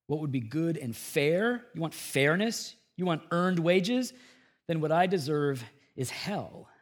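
Pastor preaching with rising emphatic bursts. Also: male voice, fairly high pitch, expressive, takes it slowly. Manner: swings from hushed earnest tones to loud emphatic bursts. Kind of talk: sermon. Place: church.

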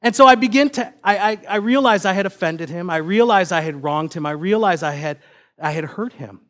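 High-voiced young pastor telling a story. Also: male voice, animated, brisk, a bit bright. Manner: conversational, self-deprecating storytelling. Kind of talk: sermon with personal story.

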